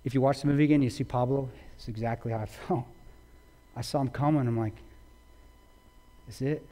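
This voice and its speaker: A man's voice: medium pitch, steady tone, fast, dark tone. A man giving a public talk, retelling a story intensely with quoted dialogue. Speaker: guest speaker. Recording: long reverb of a large hall.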